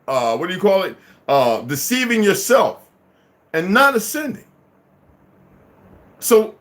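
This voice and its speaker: A man's voice: sits high, fairly bright tone. A man in his fifties delivering a heated, profane, unscripted monologue as a vlogger.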